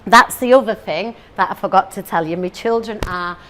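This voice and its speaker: A woman's voice: medium pitch, normal speed, fairly bright tone, slight background noise. A woman in her forties from northern England giving a comic motivational talk to a live audience, playful and chatty, teasing the crowd with questions and asides. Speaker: motivational speaker.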